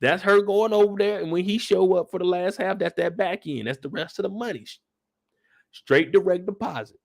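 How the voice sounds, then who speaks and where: Guy doing a live show recap, high voice, super animated and slangy, dry close sound. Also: moderate pace, gravelly, no echo. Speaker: show host recapping a series.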